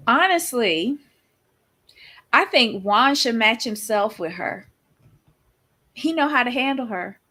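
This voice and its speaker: Sassy woman with a bright, sharp voice. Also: on the high side, lively intonation, slow pace, pauses often. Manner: dry, sassy asides and frequent "mm-hmm" agreement. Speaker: podcast co-host. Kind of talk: casual TV recap chat.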